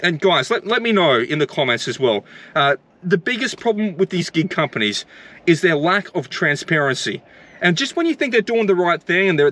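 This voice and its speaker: A man's voice: high voice, sharp tone. A man who drives for delivery apps, ranting angrily to camera, swearing and repeating himself. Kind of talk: angry rant to camera.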